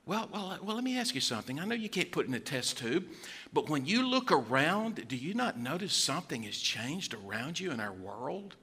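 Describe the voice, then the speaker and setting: A male pastor, preaching a sermon with animated storytelling and acted-out quotes. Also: on the high side, fairly quick, breathy edge.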